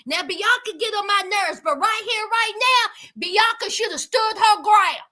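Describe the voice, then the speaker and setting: A woman's voice: extremely high pitch, normal speed, hardly any pauses, pushed and bright. A woman giving outspoken reaction commentary on a reality show, calling her viewers honey.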